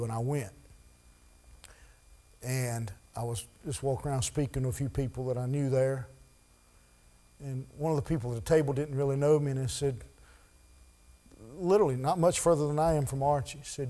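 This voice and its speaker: A man preaching a sermon in a church, building from quiet talk to loud, high-pitched preaching. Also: normal speed, pauses often. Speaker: pastor.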